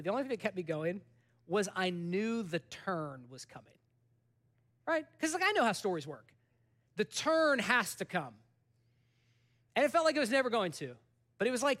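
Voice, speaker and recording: A pastor with a high, light voice preaches a casual, animated sermon. He talks like he is chatting with friends, jumps up for punchlines and sinks to a hush for the serious parts. He sounds like a man in his thirties. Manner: conversational, animated storytelling with sudden soft drops.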